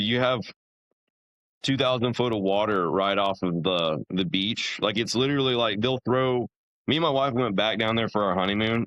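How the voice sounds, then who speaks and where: A man's voice: on the low side, a bit bright, no echo, lo-fi sound. A young man, a podcast guest, telling his story in a casual, rambling way, full of fillers and restarts.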